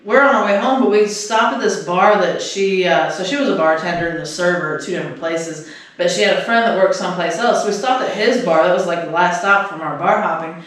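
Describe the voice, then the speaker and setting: A man's voice: high voice, fairly quick, fairly bright tone. Rambling, swearing man in an echoey room. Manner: rambling, heavy swearing, lots of "like". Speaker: podcast co-host. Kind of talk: casual storytelling. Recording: echoey room, distant mic.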